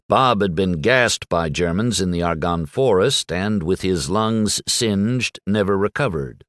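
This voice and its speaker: Low-voiced male audiobook narrator. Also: no room sound, studio quality. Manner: measured, dramatic storytelling.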